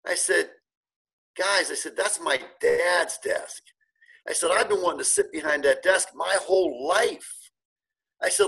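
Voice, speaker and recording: A middle-aged man recounts his story in a relaxed interview, speaking with earnest, animated feeling and often restarting his sentences. His voice sits a bit higher than most men's and has a husky edge. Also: unhurried, rough recording. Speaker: guest, car dealership owner.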